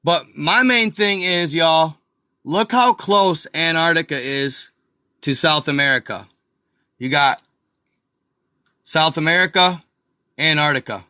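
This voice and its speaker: A man's voice: a little high, slow, long pauses, bright, forceful tone, no echo, studio quality. A man hosting a casual screen-share video, talking straight to his viewers with restarts and frustrated asides. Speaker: video host.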